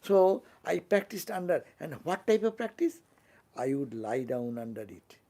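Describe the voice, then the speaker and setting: A man's voice: a little high, sing-song, dark tone. An older man, a monk with an Indian English accent, giving a fervent sermon and often asking his listeners questions. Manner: fervent, asks the listeners questions, quick tag-questions. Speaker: monk giving a spiritual talk.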